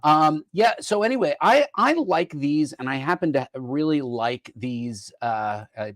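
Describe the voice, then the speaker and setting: A man's voice: on the high side, expressive, a little slow, hardly any pauses, no echo. A male host in a casual chat, upbeat and playful, with frequent fillers and hesitations. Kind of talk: casual chat about gifts.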